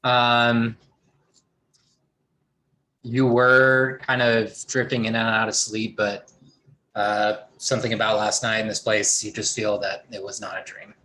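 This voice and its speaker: Man, lowish voice, hesitant game master narrating the scene. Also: flat delivery, unhurried, pauses often, sharp tone, rough recording. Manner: hesitant, many ums.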